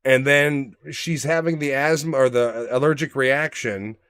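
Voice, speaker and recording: A man co-hosting a podcast in casual chat, swearing freely and acting out his dogs in lively stories. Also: medium pitch, a little slow, clear, resonant tone, dry recording. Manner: profane, animated storytelling, acts out his dogs. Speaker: podcast co-host.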